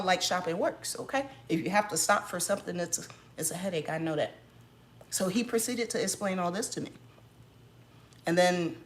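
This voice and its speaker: A mom vlogger telling an animated, sassy story with frequent laughs in a casual chat at home. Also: female voice, fairly low pitch, a little hiss or hum.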